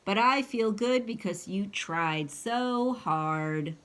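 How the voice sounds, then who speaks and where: Clifford the big gentle storybook dog, kind and slow, mom reading. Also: female voice, mid-range voice. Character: huge gentle male red dog.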